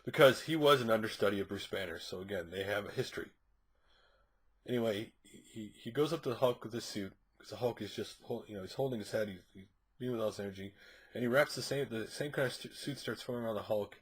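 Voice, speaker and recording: A man's voice: fairly low pitch, quick pace, fairly bright tone, slightly rough. A man reviewing a comic book issue, recapping the plot casually in a rambling way with frequent fillers and restarts.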